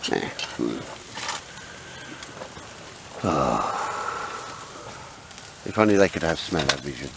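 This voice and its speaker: Rumbling low and creaky, this middle-aged man talks slowly but with great animation as he films a camping trip. Chatty and full of jokey banter, he addresses his friends as mate and sir. Wind and rain from the outdoor campsite are audible throughout.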